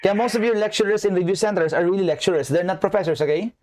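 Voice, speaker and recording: A man's voice: high voice, very fast, darkish tone. A man with a Filipino accent giving a nursing lecture online, joking and chatty, and constantly checking in with his students. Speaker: nursing professor.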